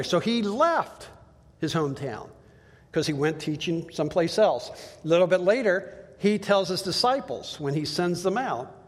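Male pastor preaching in a reverberant hall. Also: a little high. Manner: conversational, acts out quoted voices. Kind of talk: sermon.

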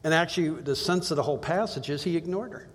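A man gives a Bible teaching in an easy, conversational way. He reads passages aloud and keeps asking his listeners rhetorical questions. His voice sits a little high, and it carries a long reverb as if he is speaking in a large hall. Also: fast talker, slightly rough.

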